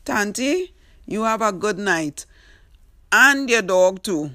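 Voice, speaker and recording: Slow-talking Trinidadian woman storyteller. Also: mid-range voice, expressive, pushed and bright, no room sound, clean studio sound. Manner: teasing, exclaiming, talks straight to the character. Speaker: storyteller host. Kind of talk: comic storytelling commentary.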